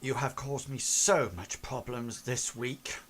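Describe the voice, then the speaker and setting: A man plays a nervous official for a tabletop game, with his voice lifted higher. The official stammers and trips over his words, and he keeps apologizing. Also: steady tone, slow, fairly bright tone, slight background noise. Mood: flustered. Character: flustered, apologetic male official.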